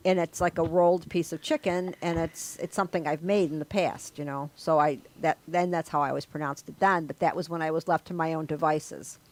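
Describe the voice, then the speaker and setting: A woman's voice: low voice, fairly even intonation, brisk, hardly any pauses, darkish tone. A middle-aged woman hosting a casual group chat over a video call, rambling and laughing at herself. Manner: rambling, laughing, self-deprecating. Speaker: host.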